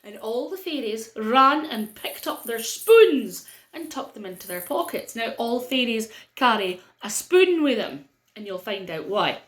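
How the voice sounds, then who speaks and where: A middle-aged woman with a North-East Scottish accent telling a story to children in a playful way, with dramatic pauses. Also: fairly high pitch, big pitch swings, a bit bright, reverberant.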